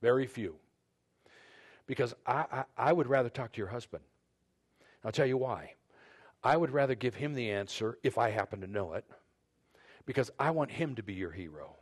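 A man's voice: medium pitch, expressive, moderate pace, long pauses, husky. A man preaching a conversational sermon, often repeating words and restarting sentences as he addresses the men and the women in turn. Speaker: pastor.

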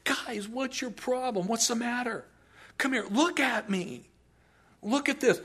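A calm, reassuring Jesus speaks softly and coaxingly, lifted somewhat higher than a plain speaking voice, as a preacher acts him out. The tone stays gentle and patient. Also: male voice, measured pace, husky, exaggerated voice.

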